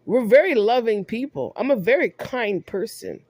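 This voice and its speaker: A woman's voice: a little high, animated, normal speed, darkish tone, no echo. A woman vlogger delivering a heated monologue, scolding someone directly and repeating herself for emphasis.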